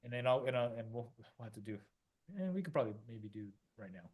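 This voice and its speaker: A man's voice: mid-range voice, fast talker, darkish tone, breathy edge. A middle-aged man, a podcast co-host, explaining ideas in a rambling casual way, with many fillers and restarts, often acting out quoted voices.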